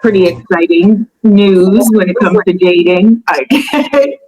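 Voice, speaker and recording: A woman hosts a casual celebrity gossip show. She is chatty and animated, with plenty of fillers and laughs, and her voice sits at a middle pitch for a woman. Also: low-quality recording. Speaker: host.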